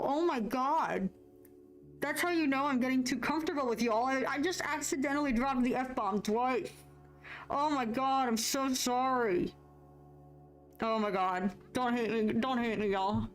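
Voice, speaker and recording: A woman, chatting casually with her livestream viewers, laughing often and poking fun at herself. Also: a little high. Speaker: livestream host.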